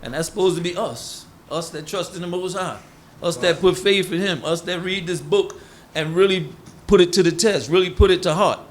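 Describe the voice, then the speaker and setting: A man's voice: sits high, moderate pace, slight background noise. A man preaching in a casual, conversational way. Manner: informal, conversational, acts out quoted voices. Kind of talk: sermon teaching.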